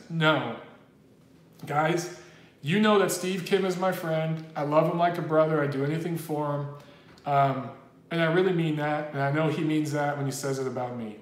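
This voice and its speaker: Guy chatting on a livestream, slightly high voice, roomy echo, rambles and says dude a lot. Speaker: boxing livestream host. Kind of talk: casual livestream chat reading super chats.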